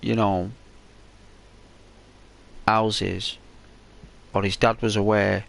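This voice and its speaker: A man telling a gaming story in rambling, unhurried commentary with many restarts. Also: fairly low pitch, level tone, vocal fry.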